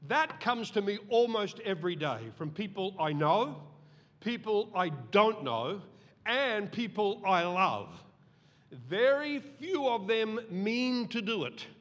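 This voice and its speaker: Brief: middle-aged male pastor, high lively voice, reverberant church hall. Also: slow. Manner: animated, acts out voices in the story. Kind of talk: sermon. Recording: long reverb of a large hall.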